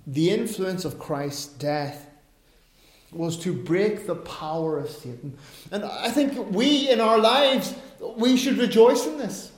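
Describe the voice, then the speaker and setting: A man's voice: sits high, lively intonation, slow pace. Emphatic preacher man in an echoey room. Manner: emphatic preaching with asides and self-corrections. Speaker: pastor. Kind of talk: sermon.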